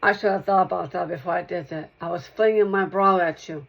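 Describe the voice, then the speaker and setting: Soft, rambling woman on a dull recording. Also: on the low side, steady tone, fairly quick, vocal fry. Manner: repetitive, circling back over the same points, soft-spoken. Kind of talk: rambling spoken monologue to one listener.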